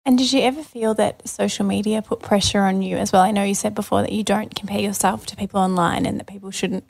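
A woman's voice: medium pitch, fairly even intonation, fast talker, gravelly, a little mellow. A woman podcast host asking long, winding questions that restart midway. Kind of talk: interview questions.

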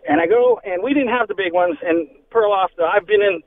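A man's voice: high voice, fairly quick. A man calling in to a talk radio show, telling a rambling story. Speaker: caller. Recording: tinny phone line with faint noise.

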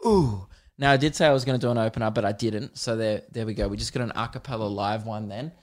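A man's voice: lowish voice, steady tone, quick pace. A young man hosting his own podcast as a comedian, rambling casually, swearing often and laughing at his own stories. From Australia. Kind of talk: casual solo podcast chat.

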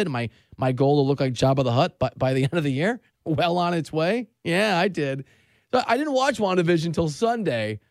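A man's voice: fairly high pitch, no room sound. A middle-aged man hosting a sports talk show, chatting casually with sarcastic, self-mocking humor. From Southern California.

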